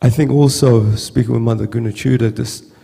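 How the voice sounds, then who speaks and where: A man giving a halting, heartfelt storytelling tribute at a memorial gathering, often repeating words. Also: mid-range voice, steady tone, warm tone, big-room sound. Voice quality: gravelly. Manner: halting, repeats words, acts out quoted voices. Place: temple hall with long reverb.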